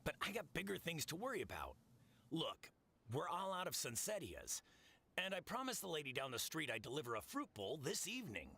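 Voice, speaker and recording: A gruff middle-aged fruit merchant talks bluntly and grumbles in a game scene. His voice is bright and a little husky. His pitch moves around a lot. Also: huge pitch swings, a little fast, exaggerated voice. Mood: grumbling.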